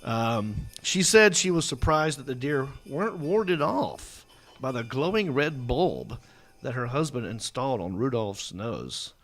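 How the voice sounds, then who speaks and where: A man hosting a comedy show, telling funny news stories in a jokey, playful way with bursts of animated emphasis. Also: mid-range voice, a little slow. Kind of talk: casual comedic chat.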